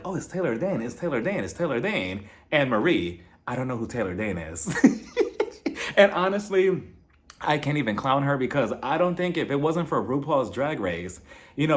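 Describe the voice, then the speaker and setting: A man recaps a reality show as a reviewer, keeping things casual, sarcastic and gossipy. He frequently performs people's quotes in a high voice.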